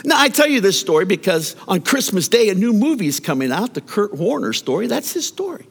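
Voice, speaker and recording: Male pastor, high and very animated, mid-sermon storyteller; long hall reverb. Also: brisk, vocal fry, husky. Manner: animated storytelling preacher with repeated words.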